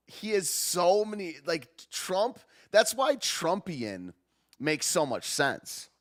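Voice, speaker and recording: A man hosting a podcast, chatting in an excitable, rambling way, dropping 'dude' and 'man' and laughing often. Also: sits high, slow. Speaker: podcast host. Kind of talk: casual live-stream commentary.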